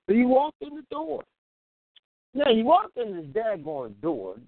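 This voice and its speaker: A man's voice: extremely high pitch, wildly swooping pitch, unhurried, no room sound. A man hosting an internet radio show, talking casually, laughing often and acting out little scenes in quoted voices. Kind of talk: casual comedic monologue. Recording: tinny phone-line call-in audio.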